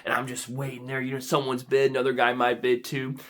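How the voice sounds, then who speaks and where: A young man telling an animated vlog story, excitable and prone to sudden dramatic squeals and shouts. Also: mid-range voice, fast talker. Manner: excitable, with big dramatic squeals and shouts when quoting himself. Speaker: vlogger.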